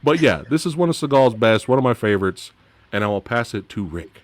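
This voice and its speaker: A man hosting a casual movie-review chat, animated and laughing often, his voice dropping low at the end of phrases. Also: a little fast, dry recording. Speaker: podcast host.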